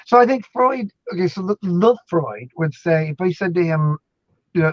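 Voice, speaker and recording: A man chatting casually as an academic guest, animated and jokey, rambling through his thoughts. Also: on the high side, brisk, no room sound, highs cut off. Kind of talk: casual chat.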